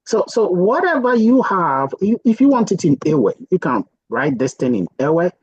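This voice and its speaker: Husky man giving a lively casual tutorial. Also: high-pitched, normal speed, no room sound, dull audio. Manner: chatty, thinking aloud with many "okay"s. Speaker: software tutorial presenter. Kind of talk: casual screen-share tutorial.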